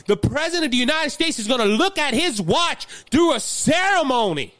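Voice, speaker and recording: A man's voice: very high voice, very animated, normal speed, hardly any pauses, a bit bright, no echo. A man with a Louisiana accent hosting a political commentary show, impassioned and fiery, often repeating words as he builds steam. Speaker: podcast host.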